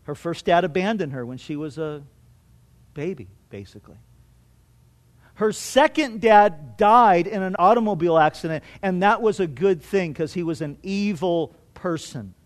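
A middle-aged male pastor preaching a sermon, telling a personal story earnestly and swinging between loud and hushed. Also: high-pitched, animated, moderate pace. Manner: earnest storytelling with restarts and strong swings in loudness.

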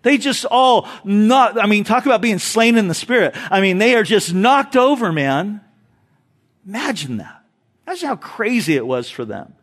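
Animated preacher man, higher voice. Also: moderate pace. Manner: animated storytelling, paraphrases Bible figures casually. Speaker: pastor. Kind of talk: expository sermon.

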